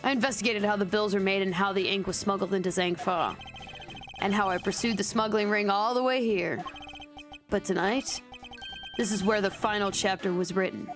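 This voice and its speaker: A woman's voice: medium pitch, moderate pace, natural voice. Woman reading a cocky prickly agent guy, basically her normal voice, music under. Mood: determined. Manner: reads with stumbles and self-corrections. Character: proud male foreign agent, blunt and prickly.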